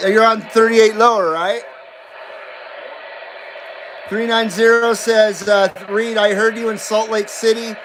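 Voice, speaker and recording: A man hosting a CB radio livestream, chatting casually and reading out viewer comments in a laid-back, drawn-out way. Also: high-pitched. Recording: steady background noise.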